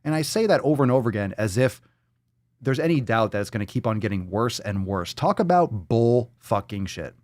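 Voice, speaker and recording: A man's voice: medium pitch, expressive, a little fast, darkish tone, no echo, studio quality. A man hosting a fitness podcast, ranting in a profane, sarcastic and exasperated way. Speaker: podcast host.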